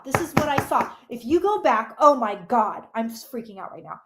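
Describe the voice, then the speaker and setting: A woman with a high, bright-sitting voice reads tarot cards live for her viewers. She talks casually and excitably, swears a little, and keeps breaking off to greet people in the chat. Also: moderate pace, hardly any pauses. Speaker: psychic reading tarot on a livestream.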